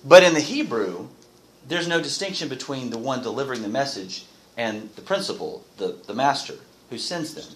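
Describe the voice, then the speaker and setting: A man's voice: medium pitch, expressive, moderate pace, fairly bright tone, a little hiss or hum, low-quality recording. Guy teaching a bible class, voice rises and falls a lot, quizzes the group. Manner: questions the class, reads scripture aloud.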